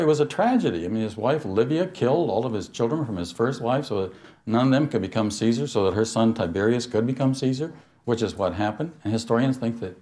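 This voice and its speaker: A man's voice: medium pitch, mellow. Older man, storytelling lecturer, chuckles, asks the audience questions. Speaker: speaker on mysticism. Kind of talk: spiritual talk to an audience.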